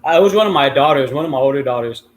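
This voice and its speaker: Talking very fast and animatedly in a mid-range voice, a middle-aged livestream host rambles through a long story. He swears freely and keeps dropping ums and uhs.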